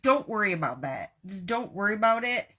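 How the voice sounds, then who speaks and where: A middle-aged woman, hosting a live craft tutorial and chatting warmly and folksily with her viewers. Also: medium pitch, sing-song, brisk. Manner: warm, talks straight to viewers with folksy asides. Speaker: craft host.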